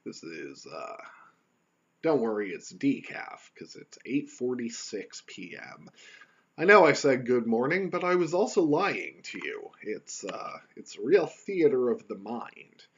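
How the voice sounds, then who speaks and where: A man rambling wryly through a casual solo podcast from his computer at home. His pitch is lively and animated, rising and falling a lot. The sound is dull and lo-fi. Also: a little slow, husky. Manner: rambling, wry and joking. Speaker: podcast host.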